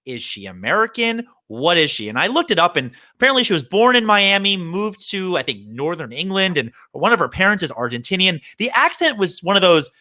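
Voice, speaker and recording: A man hosting a podcast, chatting casually and telling rambling, animated stories. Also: high-pitched, a little fast, few pauses. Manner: animated storyteller, rambling asides. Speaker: podcast host. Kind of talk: casual chat. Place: Hoboken.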